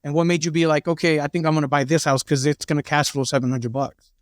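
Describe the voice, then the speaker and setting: A man's voice: a little high, fairly even intonation, fast talker, no echo, clean studio sound. A man hosting a podcast, asking eager questions that he stacks one after another. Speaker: podcast host. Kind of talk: casual podcast interview.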